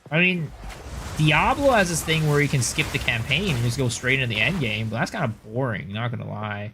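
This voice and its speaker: A male game streamer in casual, chatty commentary, his voice swinging up and down with lively, animated pitch. He jokes with his viewers between moves, in a mid-pitched voice over a faint background hiss. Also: fairly quick. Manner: chatty, joking, answers viewers.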